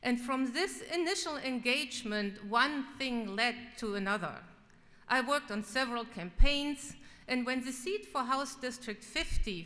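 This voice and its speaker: A woman's voice: on the high side, sharp tone. A middle-aged woman with a German accent, a state representative giving an earnest, personal farewell speech in a legislative chamber. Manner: earnest, personal, lightly self-deprecating. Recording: echoey chamber.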